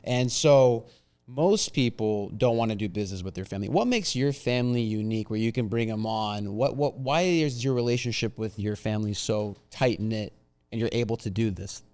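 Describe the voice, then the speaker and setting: A man hosting an interview, asking quick, encouraging questions. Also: lowish voice, darkish tone. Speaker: podcast host, interviewer. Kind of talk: casual interview chat.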